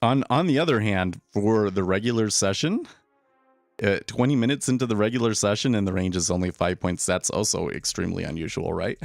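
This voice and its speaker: Casting note: low, gravelly man, loose opinionated trading chatter, faint music under him. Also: fairly quick, dry recording. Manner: casual, opinionated, repeats words when starting sentences. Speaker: day trader streaming live. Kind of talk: live trading commentary.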